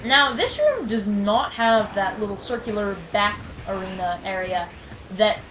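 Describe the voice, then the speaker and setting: A woman's voice: medium pitch, lively intonation, unhurried, background noise. A woman giving casual gameplay commentary, chatty and self-mocking, with sudden mock-angry outbursts at enemies. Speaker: let's play commentator. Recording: game music behind.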